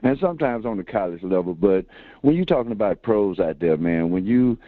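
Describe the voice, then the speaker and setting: A man's voice: lowish voice, animated, brisk, no room sound. A man calling in to a sports talk show, laid-back and rambling, full of fillers. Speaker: caller. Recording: tinny phone line.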